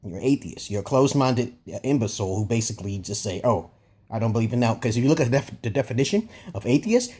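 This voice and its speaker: A man's voice: medium pitch, a little mellow, husky. A man giving a rambling, profane opinion monologue as a vlogger, emphatic and often checking "okay?" with his listeners. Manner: repeats and restarts phrases.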